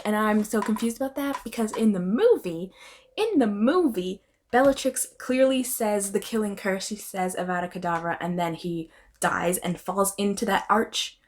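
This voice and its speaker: A woman's voice: medium pitch, normal speed, slight background noise. A young adult woman talking casually and emphatically as a book vlogger reviewing her reads. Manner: expressive, emphatic, often adds "okay?".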